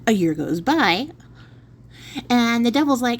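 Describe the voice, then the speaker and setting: A woman's voice: on the high side, animated, brisk, a little hiss or hum. Chatty woman telling a folk tale. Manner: chatty, playful asides. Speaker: storyteller. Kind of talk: casual spoken storytelling.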